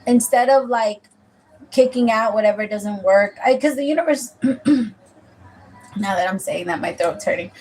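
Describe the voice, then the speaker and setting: A woman's voice: mid-range voice, moderate pace, pauses often, darkish tone, a little hiss or hum, poor audio. A woman giving a casual, rambling tarot reading, chatting freely and calling the listener "my love". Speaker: tarot reader.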